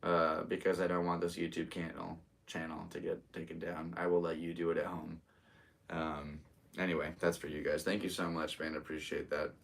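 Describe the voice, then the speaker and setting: Low-voiced American man rambling casually. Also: little pitch movement, moderate pace, creaky, far from the mic. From United States. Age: 30s. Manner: rambling, easygoing, talks to viewers. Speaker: podcast host and stand-up comedian. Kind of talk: casual solo livestream chat.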